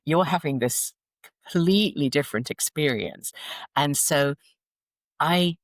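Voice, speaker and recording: A British woman in her sixties from England, chatting as an interview guest and telling animated stories with frequent laughter. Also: sits low, measured pace, dry recording. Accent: British English. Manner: animated storytelling, laughs often. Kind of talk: casual interview chat.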